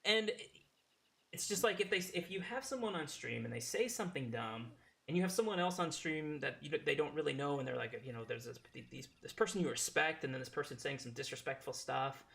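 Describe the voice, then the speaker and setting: A man's voice: a little high, a little fast, gravelly, fairly bright tone. A man streaming a game and chatting casually with his audience, reading chat aloud and laughing often. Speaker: language teacher.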